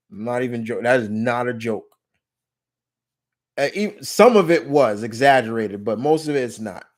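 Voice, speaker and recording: A man with a New York accent hosts a live question-and-answer stream in a relaxed, rambling way. He restarts sentences often, piles up fillers and drops blunt, jokey remarks with the odd swear word. His voice sits at an ordinary middle pitch for a man. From New York, USA. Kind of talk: casual live Q&A chat.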